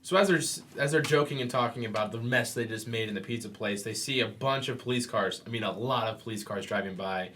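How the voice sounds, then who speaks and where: A man's voice: mid-range voice, fast talker, few pauses, fairly bright tone, slight background noise. A man co-hosting a comic book podcast, retelling scenes and reading out quoted lines in casual chat. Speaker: podcast co-host.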